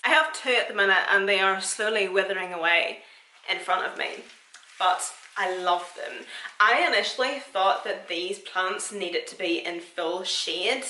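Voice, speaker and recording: Bright chatty woman, echoey room. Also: medium pitch. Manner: chatty and self-mocking, laughs often. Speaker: vlogger. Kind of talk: casual plant tour vlog.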